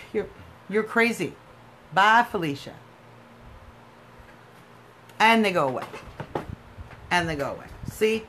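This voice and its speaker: A woman's voice: mid-range voice, fairly bright tone, slight background noise. An American woman hosting a live political stream, arguing emphatically and answering viewer comments. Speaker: livestream host.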